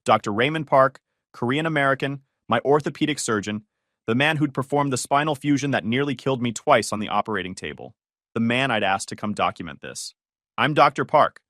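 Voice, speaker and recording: A man's voice: medium pitch, brisk, fairly bright tone, no room sound, clean studio sound. A man in his thirties narrating a first-person story in terse, clipped sentences. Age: 30s.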